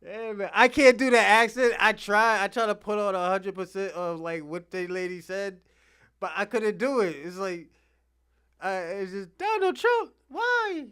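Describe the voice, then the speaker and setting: A man's voice: sits high, moderate pace, clear, resonant tone. A man hosting casual commentary on clips, laughing often and swearing freely. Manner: laughing often, profane, animated. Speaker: host.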